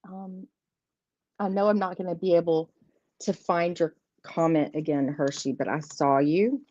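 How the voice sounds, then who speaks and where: Slow, giggly woman. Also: lowish voice, fairly even intonation, dark tone, no room sound. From southeastern United States. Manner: chatty, giggly, rambling, greets viewers by name. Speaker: host of a live tarot stream. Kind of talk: casual live-stream chat. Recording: dull lo-fi stream audio, dry.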